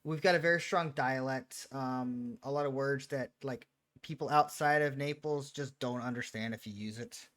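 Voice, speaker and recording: A man raised in Italy giving casual, opinionated reaction commentary, animated and quick to laugh. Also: mid-range voice. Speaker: reaction video host.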